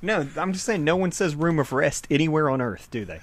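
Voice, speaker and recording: A man's voice: a little high, expressive, a little fast. A man hosting a podcast, telling goofy stories in casual chat and laughing often. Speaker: podcast host.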